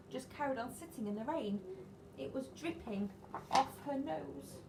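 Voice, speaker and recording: A woman, a nursery teacher reading a picture book to young children in an animated, sing-song way and asking them questions. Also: a little high, unhurried, background noise. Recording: echoey room, faint ambience.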